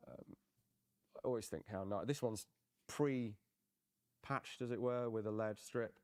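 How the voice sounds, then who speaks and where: A man, a museum curator, explaining objects in a relaxed, hesitant way. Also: lowish voice, slow, heavy background noise. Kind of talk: informal museum talk.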